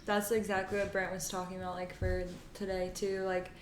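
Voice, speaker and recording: A woman's voice: medium pitch, monotone, fairly quick. A young woman co-hosting a casual faith podcast, telling stories earnestly with lots of "like" fillers. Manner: earnest storytelling, many "like" fillers. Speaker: podcast co-host. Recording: echoey room with faint noise.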